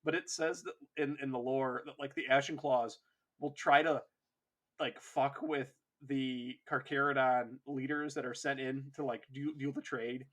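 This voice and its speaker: Rambling, laughing podcast host. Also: male voice, mid-range voice, steady tone, a little slow, a bit bright. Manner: rambling, many fillers and restarts, laughs often. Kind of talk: casual chat.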